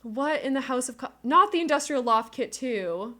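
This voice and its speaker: A woman's voice: high voice, animated, normal speed, few pauses, a bit bright. A woman streamer chatting casually to her viewers, gushing and emotional, near tears, laughing often, on a cheap desk microphone at home. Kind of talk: casual live-stream chat.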